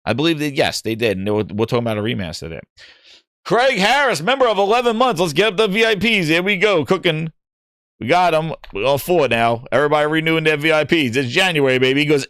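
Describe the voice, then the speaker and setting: A man's voice: fairly high pitch, lively intonation, fast, a bit bright, no echo, studio quality. A man hosting a gaming livestream, talking casually, reading chat aloud and joking in mocking voices.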